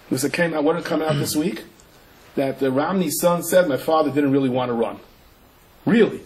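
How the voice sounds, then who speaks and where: Animated man giving a Torah lecture. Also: a little hiss or hum, low-quality recording. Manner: animated storyteller, swings up to loud high-pitched emphasis. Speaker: rabbi teaching a class. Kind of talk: Torah lecture with stories and jokes.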